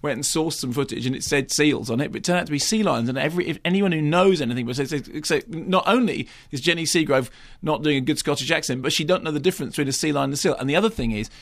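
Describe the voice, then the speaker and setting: A male radio co-host with a gravelly, slightly rough edge to his voice. He rattles off film anecdotes at speed in a lively, casual studio chat. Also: fairly high pitch. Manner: animated, quick anecdotes with put-on voices.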